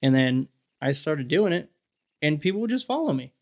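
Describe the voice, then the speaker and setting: Gravelly man telling stories, swearing freely. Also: fairly high pitch, moderate pace. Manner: profane, animated storyteller acting out quotes. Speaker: podcast guest. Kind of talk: casual storytelling chat.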